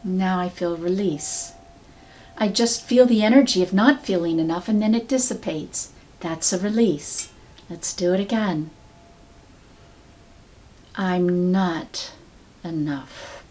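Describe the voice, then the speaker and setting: A woman teaching a sound healing technique in a calm, measured, soft-spoken way, guiding the listener step by step. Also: mid-range voice. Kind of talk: slow guided teaching.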